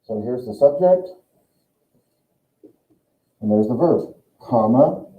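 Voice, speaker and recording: A man's voice: medium pitch, expressive, takes it slowly. A man teaching a German grammar class, explaining step by step and thinking aloud. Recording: echoey room on a tinny lo-fi recording.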